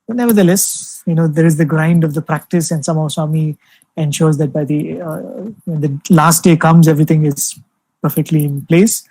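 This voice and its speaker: A young man gives a devotional talk over a video call, telling stories gently with lots of "you know" fillers. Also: on the high side, steady tone, moderate pace, husky, dry recording, poor audio. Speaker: spiritual speaker addressing alumni.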